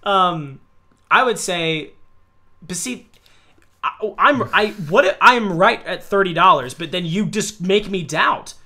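A man's voice: high voice, lively intonation, takes it slowly, pushed and bright. Swearing, rambling podcast co-host man. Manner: rambling, swearing, acts out voices in stories. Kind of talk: casual chat.

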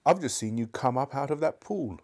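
Storybook girl, dreamy and bossy, put on by a male reader with a softened, mellow tone. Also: medium pitch, lively intonation, fairly quick, voice pushed up, close to an everyday voice. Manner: dreamy then insistent.

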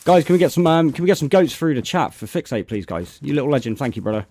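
A man's voice: a little high, lively intonation, fast, dark tone. British man streaming, chatty and upbeat. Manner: greets chat viewers by name between gameplay remarks. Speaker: game streamer. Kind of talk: casual live-stream chat while playing.

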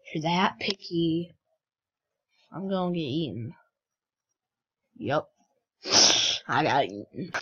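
Woman gamer host, unhurried, teasing chatter, lo-fi mic. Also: low-pitched, lively intonation, husky. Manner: chatty, teasing other players. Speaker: gaming channel host. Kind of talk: casual game commentary.

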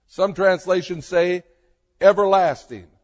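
A pastor preaching a sermon with slow, emphatic delivery and dramatic pauses. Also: male voice, high voice, darkish tone, long reverb tail.

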